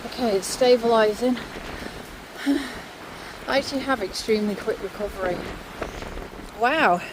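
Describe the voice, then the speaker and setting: A woman in her forties, out of breath, talking candidly into a handheld phone while she climbs a windy hill, with sighs and pauses between phrases. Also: a little high. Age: 40s. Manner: chatty and candid, pausing to sigh and catch breath. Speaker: vlogger. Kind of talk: casual talk to camera while walking. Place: outdoors on a windy hillside. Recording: wind noise on a phone mic outdoors.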